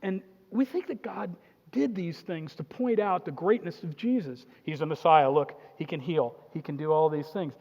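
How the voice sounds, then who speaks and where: A high-voiced man preaching in a lively, joking way, slipping into little acted-out voices for the people in his story. His voice rings with the long reverb of a church hall, and the sound is a bit dull and muffled. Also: moderate pace, gravelly. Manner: animated, jokey preaching with acted-out quotes. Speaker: pastor. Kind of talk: sermon.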